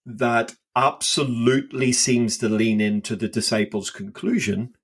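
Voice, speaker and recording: A man's voice: medium pitch, measured pace, fairly bright tone, husky. A man co-hosting a casual Bible podcast, his voice sitting in a middling register. He talks with eager enthusiasm and keeps circling back over his own words as he works an idea out aloud. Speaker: podcast co-host.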